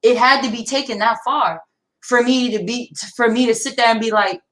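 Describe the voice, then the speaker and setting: A woman's voice: fairly high pitch, fairly even intonation, normal speed, fairly bright tone, low-quality recording. A young woman, talking bluntly and defiantly with heavy profanity in a casual livestream discussion. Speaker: livestream co-host.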